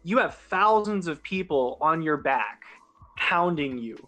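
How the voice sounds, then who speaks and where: A man's voice: fairly high pitch, expressive, measured pace, bright, forceful tone. A young man in casual podcast chat, talking in an earnest, rambling, self-doubting way. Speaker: podcast guest and sports announcer.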